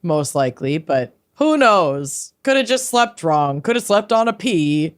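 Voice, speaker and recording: A woman's voice: fairly low pitch, big pitch swings, measured pace. A woman co-hosting a podcast in casual, blunt chat, swearing and laughing often. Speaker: podcast co-host.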